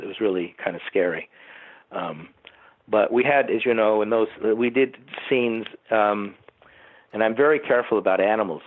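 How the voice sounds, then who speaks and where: Heard on a thin, phone-quality connection, the man's voice sits lowish and a bit rough. He's being interviewed as a TV producer, wandering through anecdotes from behind the scenes while throwing remarks to the host.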